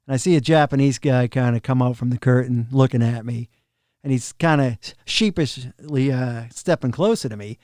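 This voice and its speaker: A middle-aged man, a drum tech, casually telling backstage stories on a podcast, animated and often laughing. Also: medium pitch, normal speed, no room sound, studio quality. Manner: animated, laughs often, acts out quoted people. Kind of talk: casual storytelling of road anecdotes.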